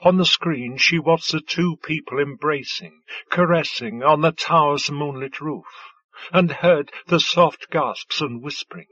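A man reading fiction aloud as an audiobook narrator, in a measured, scripted way. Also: a little high, bright, forceful tone, husky, no room sound, dull audio.

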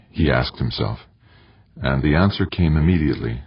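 A man reads a novel in a steady, measured way. His voice is extremely deep and husky. The recording is dry and sounds a little dull and lo-fi. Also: no echo. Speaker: audiobook narrator. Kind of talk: scripted narration.

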